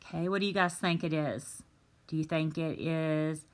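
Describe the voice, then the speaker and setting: A woman teacher reading words slowly and carefully, talking young students through a phonics worksheet. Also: deep voice, fairly even intonation. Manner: slow, careful, drawn-out word reading. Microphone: tablet microphone.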